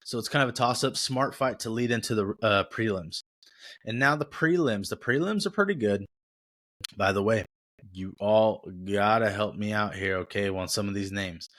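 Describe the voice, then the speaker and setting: A man's voice: fairly low pitch, normal speed, fairly bright tone. A young man hosting a sports podcast, talking in a casual, rambling, slangy way and correcting himself as he goes. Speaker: podcast host.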